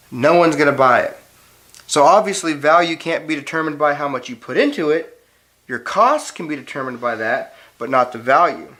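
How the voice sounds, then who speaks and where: A man's voice: a little high, a bit bright. A middle-aged man, a father teaching his daughter, telling a playful, dramatic story to make a lesson point. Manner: dramatic, playful, builds suspense.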